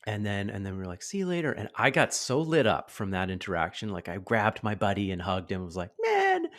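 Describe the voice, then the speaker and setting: A man in his thirties hosting a podcast, telling a story in a casual, animated way and acting out the voices of the people in it. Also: low voice, fast talker. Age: 30s. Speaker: podcast host.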